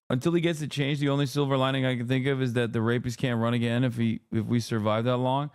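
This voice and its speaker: A man's voice: mid-range voice, steady tone, clear, resonant tone, no echo. Profane, sarcastic man ranting on stream. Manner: profane, sarcastic, fast rants. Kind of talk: live stream reaction.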